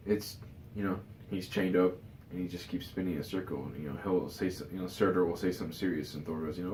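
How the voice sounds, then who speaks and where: Man, very low voice, rambling casual rant, lots of fillers, echoey room, faint background noise. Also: steady tone, fast, few pauses, darkish tone. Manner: rambling, many "you know" fillers and restarts. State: tired. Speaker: vlogger.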